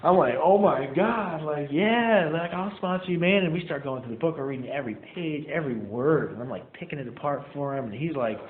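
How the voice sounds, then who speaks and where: A young man speaks to a meeting group about his own recovery, in a relaxed, chatty way that is full of "like" and "man." His voice echoes in the room and comes through a narrow, phone-like sound with faint noise behind it. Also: fairly high pitch, fairly quick, few pauses. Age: young adult. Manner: casual, animated storytelling with "man" and "like". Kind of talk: personal story told to a group. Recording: echoey room over a tinny phone-like line.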